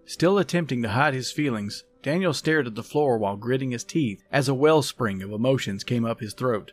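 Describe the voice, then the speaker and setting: A man hosting a podcast, reading a story aloud in a calm, measured, soft-spoken way. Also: medium pitch, faint music behind. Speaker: podcast host and story reader. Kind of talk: scripted story narration.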